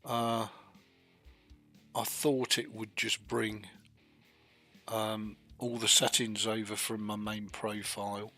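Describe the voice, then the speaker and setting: A man giving rambling, self-deprecating live commentary as he streams a truck driving game, stopping now and then to cough or clear his throat. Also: fairly low pitch, flat delivery, takes it slowly, pauses often, faint music behind. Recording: loud noise behind the voice.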